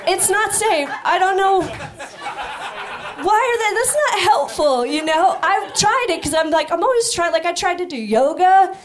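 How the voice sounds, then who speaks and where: A woman doing a stand-up set on stage, rambling and self-deprecating in a high-strung way. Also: expressive, moderate pace. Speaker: stand-up comic. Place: comedy club stage. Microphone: stage microphone.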